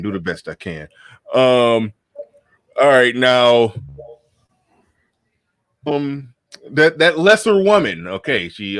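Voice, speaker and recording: A man hosting a podcast, talking in a relaxed way and repeating his words. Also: medium pitch, no room sound. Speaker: host. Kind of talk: casual podcast chat.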